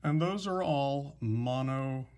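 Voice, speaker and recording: A man teaching a recorded chemistry lesson, explaining patiently and slowly with some fillers. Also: medium pitch, darkish tone. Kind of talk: recorded lecture, writing examples.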